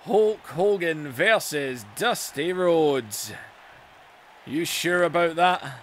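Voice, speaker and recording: A blustering veteran wrestler, as a gamer puts him on, barks orders and trash talk at his rivals. The voice sits a little high, with a faint hiss of noise behind it. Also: lively intonation, takes it slowly, fairly bright tone. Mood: challenging. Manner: bossy, insulting trash talk. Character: blustering veteran male wrestler cutting a promo. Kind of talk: mock wrestling promo over a video game.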